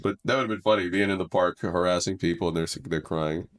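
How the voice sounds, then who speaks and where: Low-voiced man, rambling deadpan comic. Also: fast talker. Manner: rambling, self-deprecating, deadpan jokes, drops low when musing. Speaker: comedian and podcast guest. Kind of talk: casual podcast chat.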